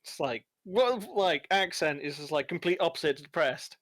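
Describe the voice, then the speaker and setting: A man's voice: a little high, lively intonation, moderate pace, a bit bright, dry recording. An Irish man chatting and joking while streaming a video game, laughing often at his own stories. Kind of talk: casual chat over gameplay.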